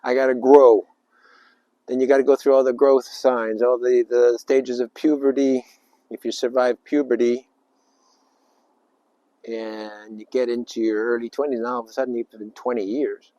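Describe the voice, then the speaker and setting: A man giving an informal spiritual talk, rambling and emphatic, with sudden loud bursts and little acted-out voices. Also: mid-range voice, little pitch movement, normal speed, no echo, dull audio. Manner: acts out little voices and sounds. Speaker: spiritual speaker.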